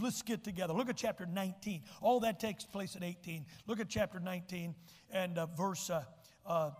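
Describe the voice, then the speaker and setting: A man preaching a sermon as pastor, folksy and emphatic, often repeating words as he restarts. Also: sits high. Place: church sanctuary. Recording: church hall reverb.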